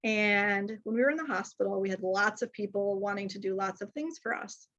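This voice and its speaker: A woman's voice: mid-range voice, fairly quick. A middle-aged woman, a speech pathologist giving a conversational presentation full of anecdotes, chatty and often restarting her sentences. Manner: chatty, lively, frequent restarts and self-corrections. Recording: dull lo-fi sound.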